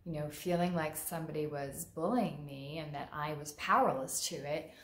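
A woman's voice: low voice, fairly even intonation, moderate pace, a bit bright. A woman therapist speaking in a casual, frank and conversational way, acting out quoted lines vividly. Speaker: mental health therapist. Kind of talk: casual monologue talk. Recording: roomy echo.

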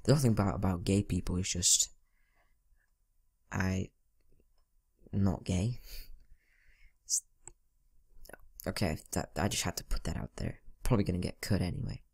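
A man's voice: low voice, measured pace, vocal fry, pauses often, a little mellow, slightly rough. A teenage boy giving rambling, casual commentary over a video game, talking to himself and mumbling asides. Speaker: gaming channel host. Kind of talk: casual let's-play commentary.

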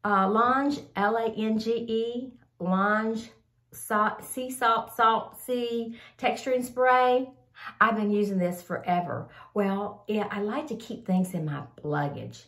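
Speaking slowly in a somewhat high, slightly bright voice, an older woman shares products she loves with her camera, the sound reverberant around her. She's rambling and a little sniffly from a cold, and she calls her viewers "y'all."

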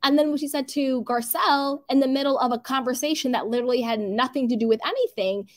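A woman's voice: high-pitched, fast talker. A woman hosting a casual gossip livestream, chatty and opinionated, reading out chat comments and laughing often. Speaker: livestream host.

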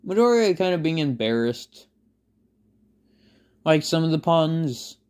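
Brief: rambling, unhurried fan storyteller who keeps correcting themselves, voice mid-pitched. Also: sing-song, a little mellow, clear, resonant tone. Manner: rambling, many fillers and self-corrections. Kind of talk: improvised fan story narration.

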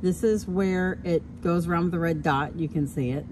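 A woman in her thirties filming her dogs at home, animated and laughing often as she coaches children. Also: fairly low pitch, moderate pace. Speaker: dog owner filming her pets. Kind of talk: casual home video narration. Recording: noisy home video recording.

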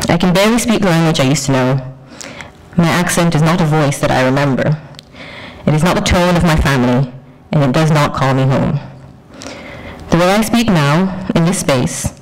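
A woman curator presenting a conference paper in a measured, poetic way, with deliberate pauses. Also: deep voice, low-quality recording. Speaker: curator and researcher.

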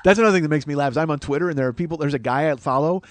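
A man's voice: fairly high pitch, rapid-fire, no room sound. A man in his forties hosting a comedy podcast, delivering a profane, exasperated solo rant that swings between mock outrage and mumbling. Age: 40s.

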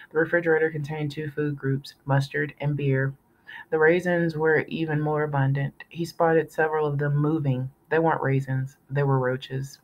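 A woman reading a novel aloud in a steady storytelling manner, now and then correcting herself. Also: sits low, highs cut off. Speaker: audiobook reader.

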